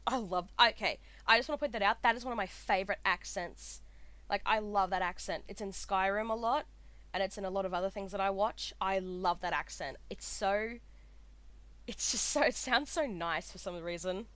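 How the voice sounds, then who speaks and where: A woman with an Australian accent, chatting and reacting excitedly while playing a game, swearing freely. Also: medium pitch, normal speed. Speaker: gaming streamer. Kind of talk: casual let's-play commentary. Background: game music.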